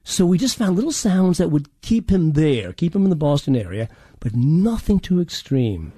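A man with a partly Irish accent, a dialect coach explaining in a halting way with many restarts. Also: a little high, sing-song, dark tone, slightly rough. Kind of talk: explanatory interview talk.

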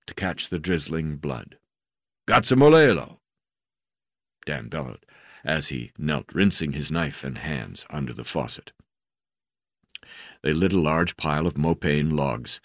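A man's voice: deep voice, no echo, clean studio sound. A man narrating a memoir in the first person, hesitant, with frequent filler sounds and restarts.

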